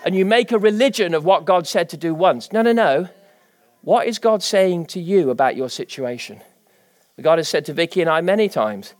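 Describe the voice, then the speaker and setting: High-pitched, animated preacher. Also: male voice, normal speed. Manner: animated, rising to emphatic declarations. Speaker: pastor. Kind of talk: sermon.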